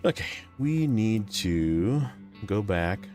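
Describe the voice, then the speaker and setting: Deep-voiced man chatting over game music. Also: big pitch swings, takes it slowly, a little mellow. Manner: rambling, joking, lots of fillers. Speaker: streamer. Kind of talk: casual gameplay chat with chat.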